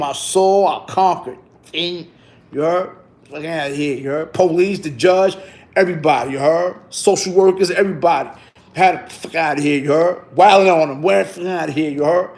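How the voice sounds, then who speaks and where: A middle-aged man telling a story in casual street slang, tagging lines with "you heard?". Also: sits high. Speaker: vlogger.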